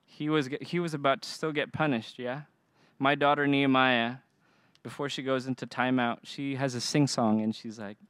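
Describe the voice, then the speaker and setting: A man's voice: medium pitch, fairly even intonation, normal speed, a bit bright, clean tone, no echo. A young adult man preaching a sermon, earnest and emphatic, asking the congregation to respond. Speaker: pastor.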